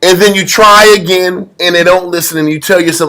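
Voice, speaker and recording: Blunt high-voiced man preaching. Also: fairly quick, few pauses, bright, forceful tone. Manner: blunt, emphatic, streetwise with slang. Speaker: teacher leading a scripture study. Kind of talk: informal Bible study sermon.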